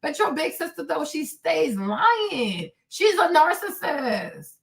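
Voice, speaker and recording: A woman in her forties hosting a candid solo livestream, talking emphatically and with animation, swinging between shouting and low asides. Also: big pitch swings, takes it slowly, creaky. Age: 40s. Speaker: livestream host.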